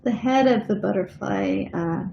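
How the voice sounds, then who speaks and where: This woman has a mid-range voice with vocal fry, heard through lo-fi audio with slight background noise. She's hosting a live stream from her home art studio, chatting casually and unhurriedly as she paints, thinking aloud with fillers and dropping to a murmur while working. The room echoes, and faint music plays.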